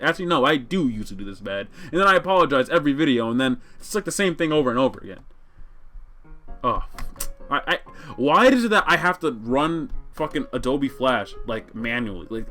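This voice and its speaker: A man's voice: medium pitch, bright, forceful tone. A young man casually commenting while reading a webcomic aloud, self-deprecating and swearing freely. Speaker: reader of a webcomic.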